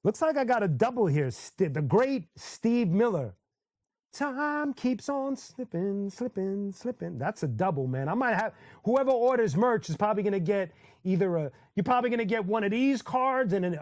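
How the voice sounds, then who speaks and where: A man's voice: high voice, no room sound, clean studio sound. A man hosting a casual live stream, chatting loosely and telling stories, breaking into sung snippets and laughter. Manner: animated storyteller who sings snippets and laughs often. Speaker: host.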